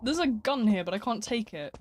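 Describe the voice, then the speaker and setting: High-voiced playful streamer man. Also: animated, a little fast, slight background noise. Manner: playful, joking, mock-dramatic outbursts. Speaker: game streamer. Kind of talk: casual live-stream chat while gaming.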